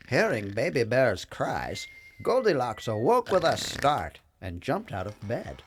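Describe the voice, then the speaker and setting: A man narrating a children's story in an expressive, sing-song storyteller manner. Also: lowish voice, a little slow, gravelly, a little hiss or hum.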